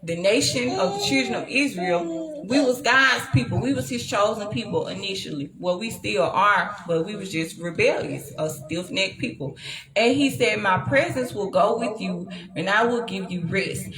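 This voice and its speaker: A woman teaching from the Bible, reading scripture with heavy emphasis that swells into loud, high outbursts. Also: expressive, moderate pace. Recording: echoey room with crowd noise.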